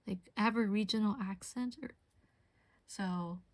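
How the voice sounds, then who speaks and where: Young woman streamer rambling casually to chat, mid pitch, dry close sound. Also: measured pace, no room sound. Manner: chatty, rambling, answers chat.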